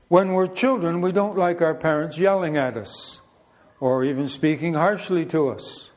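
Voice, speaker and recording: A man's voice: fairly high pitch, a little mellow. A middle-aged man, preaching a sermon in a conversational, storytelling way full of rhetorical questions. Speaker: pastor.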